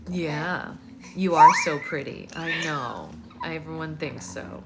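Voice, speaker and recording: A woman hosting a livestream book club, reading a novel aloud and cooing softly to a baby between passages. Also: sits low, slow pace. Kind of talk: casual livestream read-aloud and chat. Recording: loud background noise.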